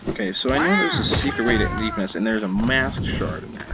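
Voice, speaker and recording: A man's voice: on the low side, huge pitch swings, brisk, vocal fry. A man giving playful let's play commentary, joking and scolding his in-game companion. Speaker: gamer commentator. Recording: loud game music behind voice. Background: video game music.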